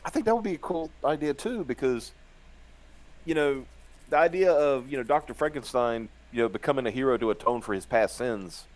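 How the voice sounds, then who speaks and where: A man's voice: mid-range voice, animated, brisk. A man co-hosting a casual live show, reading viewer comments aloud and laughing often between fillers. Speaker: podcast co-host.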